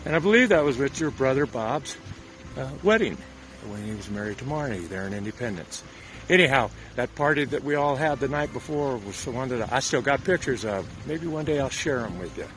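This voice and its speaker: A man's voice: mid-range voice, lively intonation, a little fast, fairly bright tone, slight background noise. An older man gives a folksy, joking birthday greeting to an old friend. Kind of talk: casual recorded birthday greeting.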